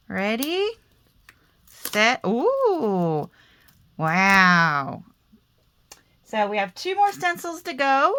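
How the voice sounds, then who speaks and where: A woman's voice: fairly high pitch, fairly bright tone. A chatty woman with a slight Southern American accent, hosting a casual crafting tutorial and talking to herself as she works. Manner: chatty, self-deprecating, talks to herself while working. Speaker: crafting video host.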